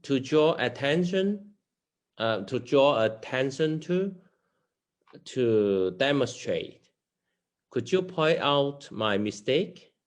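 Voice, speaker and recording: A man with a Chinese accent, a native Chinese speaker learning English, reading vocabulary words aloud haltingly, with many fillers. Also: mid-range voice, lively intonation. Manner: hesitant, many fillers and restarts.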